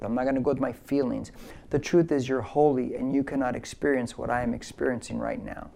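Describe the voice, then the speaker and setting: A man's voice: medium pitch, creaky, mellow. A male pastor preaching a verse-by-verse sermon with emphasis, leading listeners in repeating key phrases.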